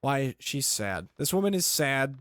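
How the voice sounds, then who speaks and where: Bright-voiced rambling comedy host. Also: male voice, medium pitch, big pitch swings, no echo. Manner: rambling, joking, quick tangents. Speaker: podcast host. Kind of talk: casual comedic chat.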